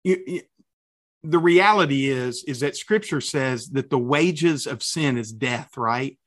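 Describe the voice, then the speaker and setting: A man's voice: medium pitch, unhurried, fairly bright tone. A man hosting a faith podcast, interjecting with enthusiasm and often repeating words as he talks. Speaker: podcast host.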